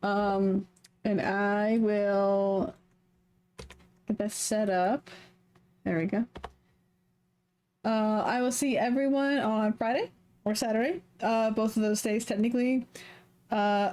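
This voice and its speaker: A woman's voice: fairly high pitch, darkish tone, smooth. A woman streamer chatting casually, rambling and playful, poking fun at herself. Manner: rambling, playful, self-mocking.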